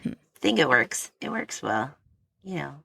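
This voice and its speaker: A woman's voice: sits low, big pitch swings, a little slow, creaky, sharp tone, husky, dry recording. A woman chatting casually as a podcast guest in an easygoing, playful way.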